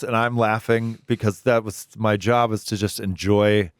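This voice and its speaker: Low, smooth-voiced man telling stories. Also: steady tone, moderate pace, no room sound, studio quality. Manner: laughing anecdotes, acts out quoted voices. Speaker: musician guest. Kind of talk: casual storytelling interview. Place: recording studio.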